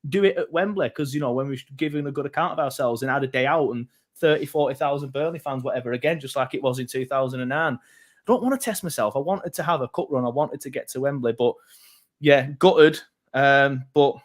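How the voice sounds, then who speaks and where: A man's voice: medium pitch, brisk. A man co-hosting a football podcast, telling rambling, self-mocking stories. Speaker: podcast co-host. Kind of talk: casual football chat.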